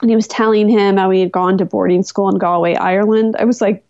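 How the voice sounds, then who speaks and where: A woman with a gravelly, fry-edged voice tells stories in a relaxed podcast interview, lively and incredulous as she goes. The sound is dry and a little dull, close to the mic. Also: medium pitch, fast talker, hardly any pauses, dry recording. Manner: animated, incredulous storyteller with laughs. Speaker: podcast guest. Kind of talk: casual interview storytelling.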